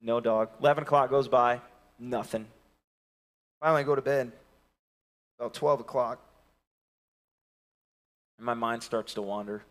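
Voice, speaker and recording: A man in his thirties preaching a sermon and telling a story, swinging from loud calls to hushed near-whispers. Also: mid-range voice, fairly even intonation, moderate pace, long pauses, big-room sound. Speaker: pastor.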